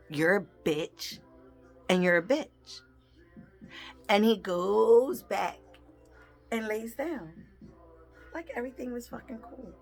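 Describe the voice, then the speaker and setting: A woman telling a personal story in a blunt, heavily profane way, animated and acting out the people in it. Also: fairly high pitch. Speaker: tarot reader and vlogger.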